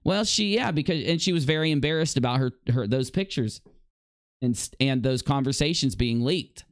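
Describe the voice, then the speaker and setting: A man's voice: medium pitch, lively intonation, moderate pace, no room sound. A man giving accusatory, sarcastic reaction commentary over a video, with profanity. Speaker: commentary YouTuber.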